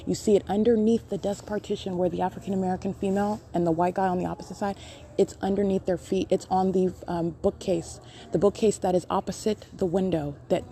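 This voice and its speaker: A woman's voice: medium pitch, dark tone, a little hiss or hum. A woman recording herself in a public library, talking in an accusing, insistent way and repeating her points. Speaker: podcast host recording her own encounters. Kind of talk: live self-recorded commentary.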